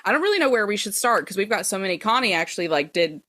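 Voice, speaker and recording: A woman's voice: mid-range voice, big pitch swings, very fast, pushed and bright. A young woman from Tennessee, hosting a casual podcast chat in a bubbly, giggly way and repeating words for emphasis. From Tennessee, American South. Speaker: podcast host.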